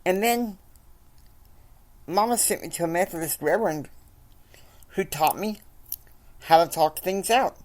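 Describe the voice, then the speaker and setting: A woman's voice: lowish voice, animated, a little slow, pauses often, a little mellow, pitched above the performer's own voice. A woman voicing an exasperated pregnant young wife who pleads with and scolds her husband, in a raised voice. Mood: pleading, scolding.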